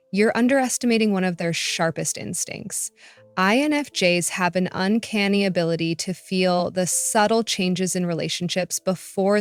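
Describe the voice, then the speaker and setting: Low-voiced woman narrating calmly. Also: no echo. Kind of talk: scripted voice-over narration.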